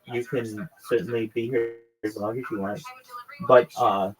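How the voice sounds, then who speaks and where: A man's voice: mid-range voice, fairly even intonation, moderate pace, rough recording. A man telling a rambling, profanity-laced story in a casual livestream monologue.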